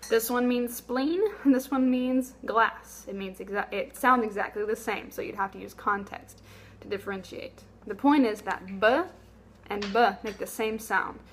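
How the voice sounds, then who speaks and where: A young woman, a Spanish teacher, giving a recorded lesson. She explains patiently and sounds words out slowly, repeating them for the learner. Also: a little high, slight background noise.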